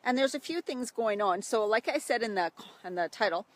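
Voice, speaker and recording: A woman's voice: fairly high pitch, lively intonation, fairly quick, no echo. A middle-aged woman, a health coach, talking casually outdoors by a stream and acting out worried inner voices. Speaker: health coach for women over 40. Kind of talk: casual live video talk.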